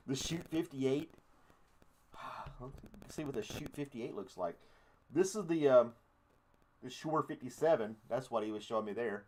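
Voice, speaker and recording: A man's voice: mid-range voice, lively intonation, slow pace, pauses often, a little mellow. A man hosting a casual live-stream podcast, rambling through offhand thoughts with jokey, crude asides. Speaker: podcast host.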